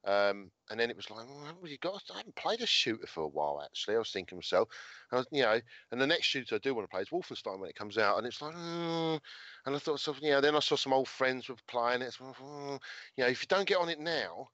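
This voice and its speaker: Co-host in his thirties, mid-pitched and easygoing, rambles a bit; dry, slightly muffled recording. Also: expressive, quick pace, a bit bright, no room sound. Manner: rambling, easygoing, many fillers and restarts. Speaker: podcast co-host. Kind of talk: casual chat. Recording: dry, slightly dull audio.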